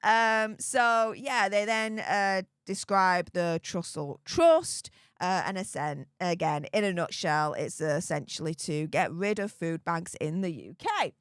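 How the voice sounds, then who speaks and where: A woman's voice: on the low side, lively intonation, unhurried, few pauses, clear, resonant tone, no room sound, clean studio sound. A woman hosting a casual commentary vlog, talking in a sarcastic, mocking way and exclaiming often. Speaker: commentary channel host.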